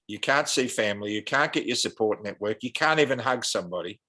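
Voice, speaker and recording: A man's voice: fairly low pitch, animated, fairly quick, sharp tone. Australian man, podcast guest, earnest and impassioned, speaking like a preacher.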